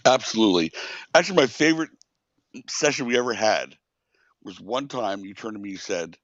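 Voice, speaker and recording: A man, a wrestling promoter and interview guest, telling lively, salty stories. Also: lowish voice, fairly quick, no echo, dull audio. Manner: animated storyteller, swears.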